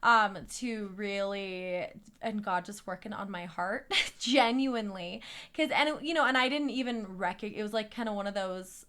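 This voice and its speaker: A woman's voice: mid-range voice, moderate pace, bright, forceful tone. A woman from New Mexico in a casual podcast chat, talking earnestly and laughing often.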